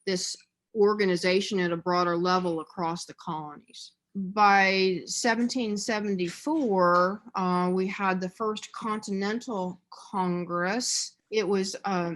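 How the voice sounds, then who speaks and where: A woman gives a church adult-education lecture in a low, flat voice, explaining step by step. She often pauses on fillers and restarts her sentences as she goes. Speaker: adult forum leader.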